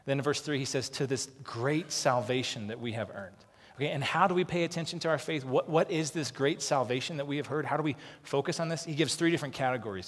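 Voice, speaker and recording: A man's voice: mid-range voice, big-room sound. A man preaching a sermon as pastor, earnest and conversational, often repeating words as he starts sentences.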